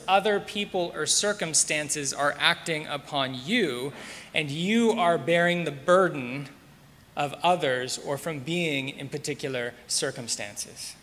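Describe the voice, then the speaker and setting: A pastor delivering a sermon in a bright, clear voice pitched a little high for a man. He speaks in a measured way and leans on repeated words for emphasis. His voice rings out with a long reverb, as in a large sanctuary. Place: church sanctuary.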